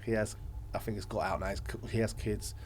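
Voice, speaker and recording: Rambling, animated male podcast guest. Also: lowish voice, a little fast, slight background noise. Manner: voice swings from loud to quiet. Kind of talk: casual chat.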